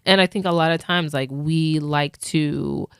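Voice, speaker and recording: A woman's voice: low voice, fairly even intonation, unhurried, a bit bright, clean tone, dry recording, clean studio sound. A young woman co-hosting a podcast, talking in a casual, earnest and reassuring way, with lots of "like". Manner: earnest, reassuring, heavy use of "like". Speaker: podcast co-host. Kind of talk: casual chat.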